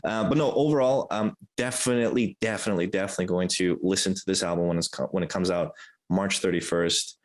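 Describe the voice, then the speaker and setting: A man with a somewhat low voice co-hosts a casual review podcast. His talk is loose and meandering, and he scatters fillers through nearly every sentence. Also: steady tone, fast talker. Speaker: podcast co-host.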